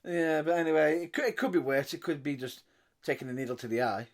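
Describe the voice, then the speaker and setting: A man's voice: on the high side, fast. Blunt, swearing man. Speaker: podcast co-host. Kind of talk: casual banter.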